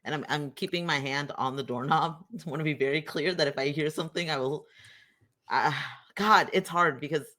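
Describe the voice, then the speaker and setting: A tabletop game player who rambles and thinks out loud while deciding what their character does. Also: medium pitch, normal speed. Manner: rambling, giggly, thinks aloud. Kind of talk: tabletop role-play chat.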